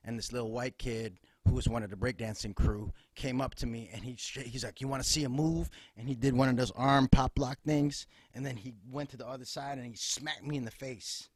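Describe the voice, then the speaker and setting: A man's voice: mid-range voice, no room sound, clean studio sound. A man from Chicago, a comedian guest telling loose, profane stories on a podcast. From Chicago, USA. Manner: loose, profane, rambling, punchy. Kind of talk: casual comic storytelling on a podcast.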